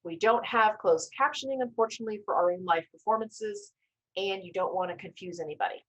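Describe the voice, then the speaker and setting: A woman teaching a storytelling class on a video call, coaching with gentle reassurances and casual self-corrections. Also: medium pitch, a little fast, poor audio. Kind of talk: live online class, instructive and conversational.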